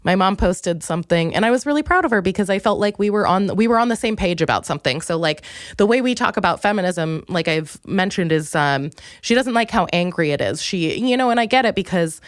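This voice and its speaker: A young woman comedian talks through a loose, rambling monologue, mocking herself as she goes. Her voice sits in a middle register and jumps high when she acts out her own panic. It is recorded close and dry, with no room sound around it. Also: lively intonation, fairly quick, no room sound. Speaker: comedian podcast host.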